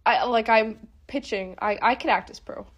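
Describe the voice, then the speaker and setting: A woman's voice: fairly high pitch, moderate pace, lo-fi sound. A young adult woman co-hosting a podcast in casual chat, giggly and rambling with lots of "like". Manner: giggly, rambling, heavy "like" filler. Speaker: podcast co-host.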